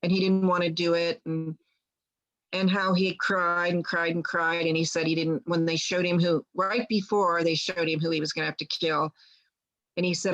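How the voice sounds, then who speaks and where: A guest healer casually shares a long personal story, wandering and restarting many times and quoting others plainly. She speaks at normal speed in a steady tone, her voice on the low side and fairly bright, captured in a rough recording.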